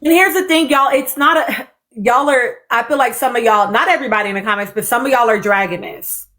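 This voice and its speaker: A woman's voice: a little high, a little fast, sharp tone. A woman hosting a casual podcast, speaking bluntly to her viewers, repeating herself and swearing freely. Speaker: podcast host. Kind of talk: casual opinion chat with live audience.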